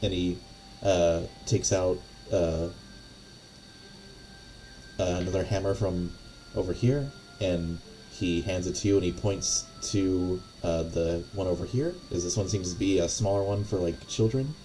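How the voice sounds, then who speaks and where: A man's voice: deep voice, unhurried, mellow, a little hiss or hum, low-quality recording. A man narrating as game master of a tabletop game, rambling with lots of fillers and restarts.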